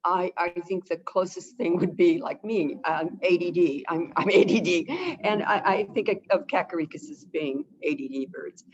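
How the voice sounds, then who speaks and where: A woman answering viewer questions as an expert guest on a webinar, chatty and animated, often acting out how to talk to birds. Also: fairly low pitch, normal speed, a little hiss or hum. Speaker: avian behavior consultant, guest expert. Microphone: video call. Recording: dull lo-fi webinar audio.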